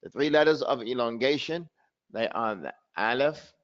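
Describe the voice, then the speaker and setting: A man's voice: medium pitch, lively intonation, moderate pace, highs cut off. A man teaching a tajweed class, calling on students by name and switching between Arabic and English. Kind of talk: classroom lesson.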